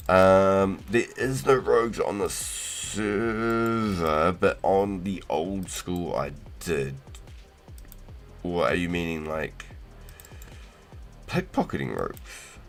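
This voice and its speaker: A low-pitched man chats casually with his stream viewers, his talk loose, slangy and peppered with swearing. His voice sits deep. Soft music plays quietly behind him. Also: slow, long pauses. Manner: relaxed, slangy, swears and laughs often. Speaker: livestream host. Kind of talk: casual livestream chat.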